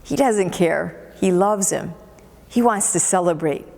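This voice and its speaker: A woman's voice: fairly low pitch, a little slow, gravelly, a little mellow. A woman pastor preaching a sermon in a church, telling the story expressively and repeating words for emphasis. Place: church sanctuary. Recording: long church reverb.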